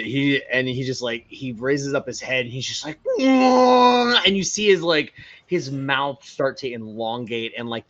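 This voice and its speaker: A man playing a tabletop role-playing game, describing his character's actions in an animated way. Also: mid-range voice, lo-fi sound. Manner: animated, builds up vivid descriptions. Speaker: player.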